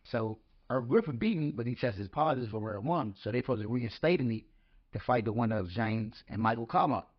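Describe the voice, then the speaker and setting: A man's voice: mid-range voice, lively intonation, a little fast, slightly rough. A man and former boxer, a podcast guest, telling stories in casual talk. He rambles and repeats words as he starts his thoughts. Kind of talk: casual storytelling. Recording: slightly dull lo-fi podcast audio.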